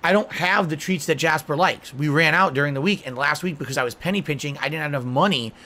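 Man, rambling repetitive storytelling, slightly high bright voice, self-pitying, clip playback. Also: fast. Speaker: streamer telling a story.

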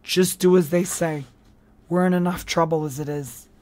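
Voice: medium pitch, fairly even intonation, normal speed, darkish tone, dry recording, lightly acted. An audiobook reader voicing an exhausted, sick teenage boy who pleads wearily with his friends and the police. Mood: pleading. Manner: pleading, weary.

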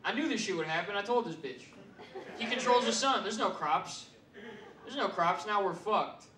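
A man doing stand-up, telling a profane story with loud bursts and laughs. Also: high-pitched, expressive, moderate pace. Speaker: comedian. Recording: roomy stage sound from far mic, audience.

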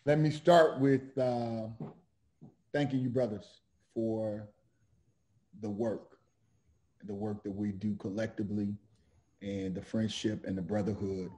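A middle-aged man talks with a very dark, mellow tone and a slow, deliberate pace. He pauses and restarts often and sounds earnest as he reads a passage aloud. His voice sits low, as if heard over a video call. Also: fairly even intonation. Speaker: author and criminal defense lawyer. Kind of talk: reflective talk with read-aloud book passage.

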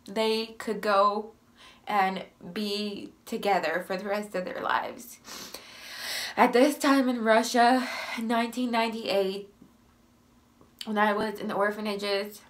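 A young woman with a runny nose and short breath tells her life story to camera, sighing often and turning soft and emotional. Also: medium pitch, fairly even intonation, takes it slowly, long pauses. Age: young adult. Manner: emotional, sighing, voice rising and softening.

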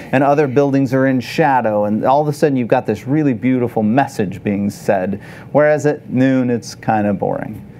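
A man teaching photography to a live audience, conversational and animated, often asking the room questions. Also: mid-range voice. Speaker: photography instructor. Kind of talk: live workshop lecture.

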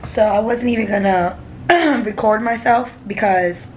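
A young New York woman vlogs casually from an airport and a hotel room, holding her phone at arm's length and talking bluntly, with plenty of profanity and moments of tears. Her voice is a little high and a little slow, with a noisy background.

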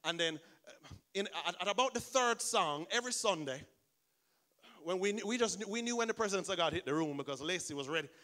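A man preaches with a high, bright voice that cuts through clearly. He tells his story in an animated way, slipping into the people he describes. The delivery is a pastor's full sermon style. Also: brisk.

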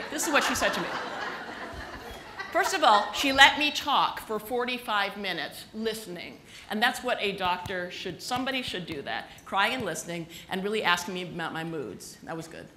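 A woman's voice: medium pitch, lively intonation, normal speed, background noise. A woman giving a comic keynote speech at a conference, telling chatty, self-mocking stories. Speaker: keynote speaker. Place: conference hall with a live audience. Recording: echoey hall recording.

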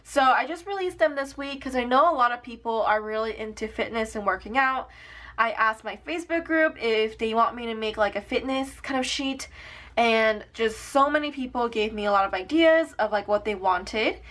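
A woman's voice: fairly high pitch, normal speed, fairly bright tone. A young woman showing off her planner stickers in a casual vlog, gushing and upbeat with lots of "um" and "like". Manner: gushing, upbeat, many fillers like "um" and "like". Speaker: planner sticker shop owner. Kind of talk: casual product showcase vlog.

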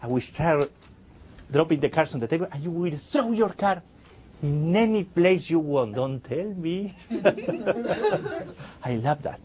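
A man's voice: fairly high pitch, lively intonation, moderate pace, a little mellow. A man performing as a stage magician, chatting playfully with the audience in slightly broken English.

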